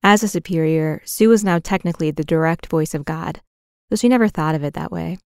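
A woman reads documentary narration in a measured, even manner. Her voice is smooth and resonant and sits fairly low. The recording is dry and close. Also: no echo.

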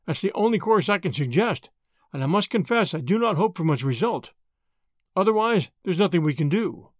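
A man reading the part of a grave, kindly older lawyer who speaks in a measured way. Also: high voice, animated, no echo, clean studio sound. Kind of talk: audiobook character reading.

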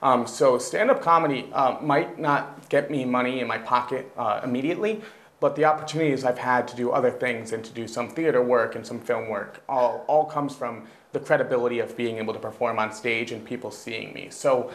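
A man who is a screenwriter and stand-up comedian, answering in a measured, thoughtful way with a few fillers. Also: mid-range voice, a bit bright, roomy sound. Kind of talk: casual panel chat.

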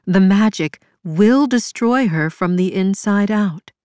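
A woman's voice: medium pitch, takes it slowly, darkish tone, smooth, no echo, studio quality, close to an everyday voice. A woman voicing an anguished, guilt-stricken young woman in an audiobook, pleading through sobs and slipping into whispers. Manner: sobbing, pleading, breaks into whispers. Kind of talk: audiobook character voice.

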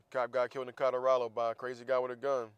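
A man rants in a blunt, profane opinion monologue. His voice sits at an ordinary middle pitch. The sound is close and dry, with no room around it. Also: monotone, rapid-fire, clean tone, no echo. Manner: blunt, profane, heated ranting with sarcastic asides. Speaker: podcast host.

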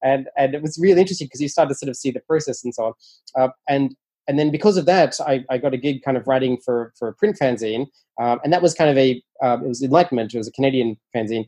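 His mid-range voice is slightly rough and quick-paced. As an interview guest discussing his nonfiction writing, he tells casual, lively stories packed with fillers and restarts, often voicing playful quoted lines at a raised volume.

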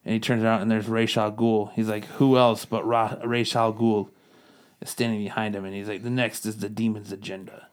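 A man's voice: lowish voice, flat delivery, brisk, clean tone. A man co-hosting a casual podcast, rambling through a comic plot and tossing in quoted lines as he goes. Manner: rambling recap, quotes characters in passing. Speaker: podcast co-host reviewing comics. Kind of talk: casual chat.

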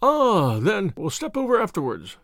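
A man's voice: sits high, huge pitch swings, moderate pace, a bit bright, no room sound, studio quality, voice pushed up, exaggerated voice. Bluff hearty old colonel, as a man puts him on.

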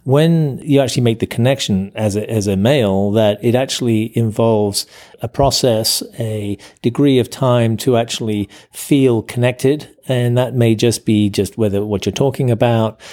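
A middle-aged man co-hosting a casual chat with his wife, halting and teasing, with frequent restarts. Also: medium pitch, a little mellow. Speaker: podcast co-host. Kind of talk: casual married-couple chat.

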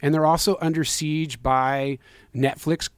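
A man's voice: a little high, steady tone, unhurried, smooth, no room sound. A man, a filmmaker guest, speaking earnestly, rambling through many restarts and fillers. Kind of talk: conversational interview answer.

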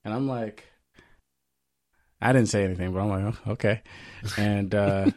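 A man co-hosting a podcast, telling a story in casual chat, animated and profane, acting out what others said. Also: on the low side, moderate pace, dry recording, clean studio sound. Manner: animated, profane, acts out quoted voices. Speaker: podcast co-host.

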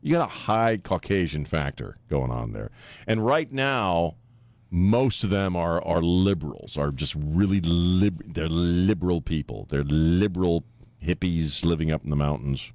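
Low-voiced joking radio host. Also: male voice, lively intonation, measured pace, a little mellow, dry recording. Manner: rambling, joking, laughs often. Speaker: radio talk show host. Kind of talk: casual talk radio banter.

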